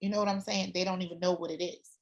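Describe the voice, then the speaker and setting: A woman guest telling her own story in a casual chat, candid and animated, swearing freely. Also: fairly low pitch, very fast, lo-fi sound. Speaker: former doula client, guest.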